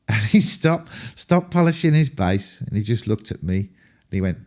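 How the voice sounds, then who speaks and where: Middle-aged male rocker, a touch low, casual rambling storyteller, lots of ums and curses. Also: lively intonation, brisk, darkish tone. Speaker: rock singer telling stories.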